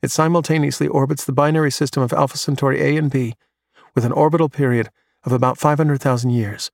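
A man voicing a bright young male pupil who recites facts eagerly. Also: mid-range voice, steady tone, fast, creaky, no room sound, clean studio sound, pitched above the performer's own voice, natural voice. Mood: earnest.

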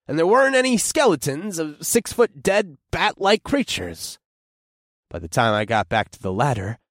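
A young man narrating a first-person horror story in an expressive, tense storytelling manner. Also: mid-range voice, no room sound, studio quality.

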